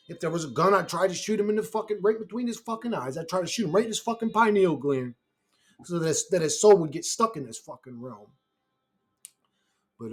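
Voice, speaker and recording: A man's voice: sits high, a bit bright. A man talking alone on his channel in a brash, profane, rambling monologue, laughing often at his own remarks. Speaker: YouTuber.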